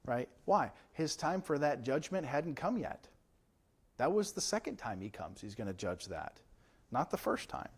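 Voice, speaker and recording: A man's voice: medium pitch, big pitch swings, moderate pace, husky. Conversational male pastor preaching. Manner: conversational, often asking rhetorical questions. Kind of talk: Bible study sermon. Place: church.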